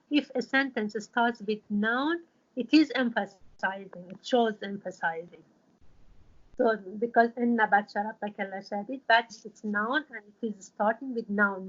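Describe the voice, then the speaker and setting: A woman's voice: fairly high pitch, a bit bright, dull audio. A woman who teaches an online Quran class and explains patiently, with many fillers and restarts.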